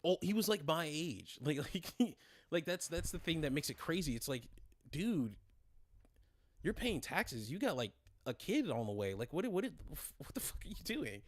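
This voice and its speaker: A man's voice: on the high side, sing-song, moderate pace, no echo. A man in his twenties hosting a casual livestream chat, rambling and profane, full of fillers and restarts. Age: 20s. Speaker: streamer host.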